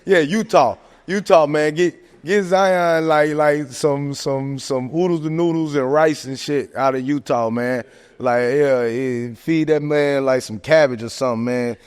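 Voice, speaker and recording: A man talking sports casually on a podcast, animated and joking, tossing in "man" and "hey, look" constantly. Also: fairly high pitch, measured pace, clear, resonant tone. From American South. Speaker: podcast host. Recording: long hall reverb.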